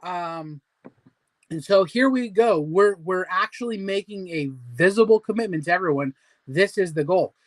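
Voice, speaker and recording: A man's voice: high-pitched, normal speed, no echo. A man in his forties hosting a casual livestream weight-loss support chat, rambling and full of fillers as he pep-talks his viewers. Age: 40s. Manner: rambling, filler-heavy, motivational.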